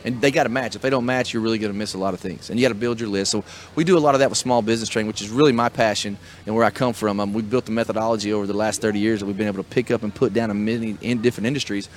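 Fast-talking middle-aged motivational host. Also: male voice, on the low side, fairly even intonation, slight background noise. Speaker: podcast host and small business coach. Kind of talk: casual chat.

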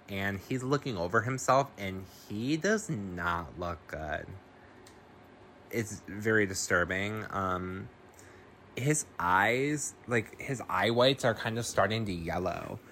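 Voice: mid-range voice, bright, forceful tone, slight background noise. A podcast host giving a casual film recap, rambling with lots of fillers and swearing freely.

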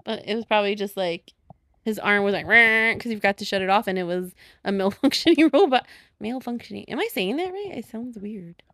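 A woman's voice: mid-range voice, lively intonation, a little fast, no echo. A woman with a Chicago accent co-hosting a podcast in casual, giggly chat, full of "like". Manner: giggly, chatty, lots of "like". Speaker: podcast co-host.

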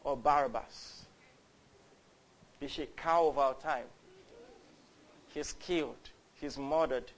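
A man's voice: medium pitch, voice pushed down, natural voice. A man, voicing a pompous, scheming Roman governor during a sermon. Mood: exasperated. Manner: smug, brisk, exasperated.

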